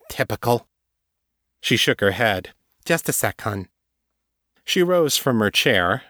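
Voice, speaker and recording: A man narrating a novel in a measured, steady reading voice. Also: fairly low pitch, dry recording, studio quality. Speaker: audiobook narrator. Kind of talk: scripted narration.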